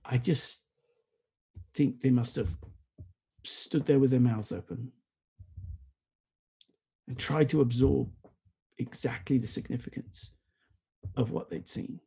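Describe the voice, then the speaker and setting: A man preaching a sermon, earnest and sometimes stumbling over his words, dropping into quiet reflection. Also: mid-range voice, takes it slowly, vocal fry, long pauses, slightly rough.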